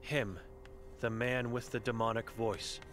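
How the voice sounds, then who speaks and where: A man's voice: mid-range voice, fairly even intonation, a bit bright, a little hiss or hum, lightly acted. A man reading for a cryptic old blind woman. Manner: terse broken phrases, read slowly from chalk.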